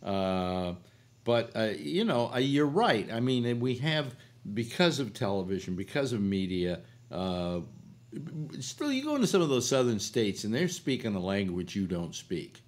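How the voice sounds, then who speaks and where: Older man from California, low-pitched voice with a lively, swinging intonation. He hosts a casual on-air chat and rambles along, stringing thoughts together with plenty of "uh" and "you know.". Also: a little slow. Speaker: radio show host.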